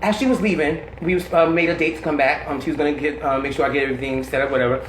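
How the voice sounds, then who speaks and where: Brief: outspoken woman storyteller, lively and blunt, full of laughs, recorded in a roomy space with faint noise. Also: low-pitched, very fast. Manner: animated, blunt and slangy, laughing often. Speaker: interviewee telling stories. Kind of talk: candid storytelling interview.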